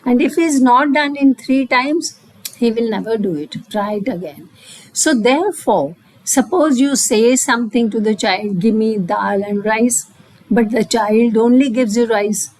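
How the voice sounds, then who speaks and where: A woman with an Indian English accent, a speech therapist explaining slowly to parents and demonstrating babble sounds. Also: fairly high pitch, a little mellow, low-quality recording. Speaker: auditory-verbal therapist. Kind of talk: parent coaching lesson.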